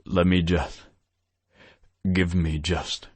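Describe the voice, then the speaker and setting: Guy doing a weak dying young man, low husky voice, slow and worn out. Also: flat delivery, dry recording, exaggerated voice. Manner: weary, breathless.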